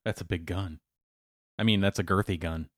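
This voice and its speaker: A man's voice: sits low, fairly even intonation. A man co-hosting a casual podcast, quipping and laughing along. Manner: jokey, laughs often, quick quips. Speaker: podcast co-host. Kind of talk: casual chat.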